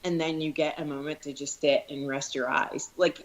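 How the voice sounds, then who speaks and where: A woman with a notably low voice talks through a faith story on a podcast. She is earnest and heartfelt, circling back and restarting her phrases as she retells the scene. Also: steady tone, moderate pace, rough recording. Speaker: podcast co-host. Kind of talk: casual discussion on faith.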